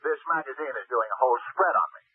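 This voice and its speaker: A man's voice: mid-range voice, animated, fast, lightly acted. An actor playing a vain, bumbling male senator who hems and haws, in a 1970s radio drama. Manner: hesitant, filler-laden, self-satisfied. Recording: narrow, phone-like old radio broadcast.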